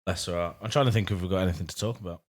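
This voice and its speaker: A man co-hosting a casual podcast, a little hoarse as he loses his voice, laid-back and self-mocking with quick laughs. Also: low voice. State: slightly hoarse, losing his voice. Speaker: podcast co-host. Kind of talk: casual chat.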